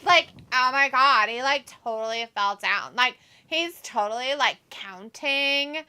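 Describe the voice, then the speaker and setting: A bubbly, airheaded young valley girl who drawls slowly and stuffs every sentence with filler words, as a woman puts her on. The voice sits fairly high and sounds bright and sharp. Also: clean tone, exaggerated voice. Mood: mocking, ditzy. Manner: drawling, peppered with "like" and "oh my God". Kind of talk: mocking impression during casual chat.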